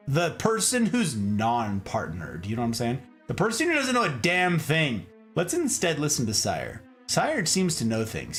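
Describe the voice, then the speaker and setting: American guy in his 30s goofing around on stream, lively bouncy voice, faint music under it. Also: a little high. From United States. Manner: playful, jokey, drops into mock German asides. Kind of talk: casual live-stream chat reading out chat.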